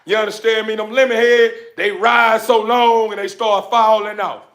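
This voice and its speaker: Fired-up man with a gravelly, high voice. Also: little pitch movement, moderate pace, a bit bright. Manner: preachy, repetitive, fired-up street talk. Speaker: dog breeder vlogger. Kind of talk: casual motivational talk to camera.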